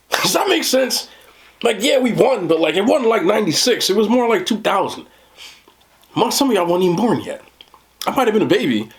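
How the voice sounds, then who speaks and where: A man's voice: sits high, very animated, normal speed, pauses often. A man with a New Jersey accent doing a casual food review, blunt, profane and joking.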